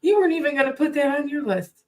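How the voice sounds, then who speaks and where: A woman's voice: sits high, lively intonation, fast talker. A woman chiming in from off camera with teasing, dry remarks in casual banter. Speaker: off-camera co-host.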